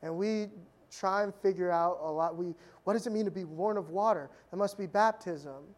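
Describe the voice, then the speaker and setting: Pastor preaching with dramatic loudness swings. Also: mid-range voice, normal speed. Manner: storytelling, swinging between loud emphasis and quiet intensity; conversational asides with light humor. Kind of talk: sermon.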